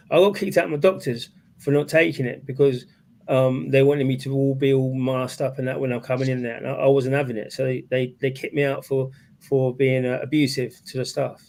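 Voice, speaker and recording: A man's voice: mid-range voice, little pitch movement, brisk, darkish tone. A man on a panel discussion talking bluntly and indignantly in casual chat. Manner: indignant, blunt, with frequent agreeing interjections. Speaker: panel guest.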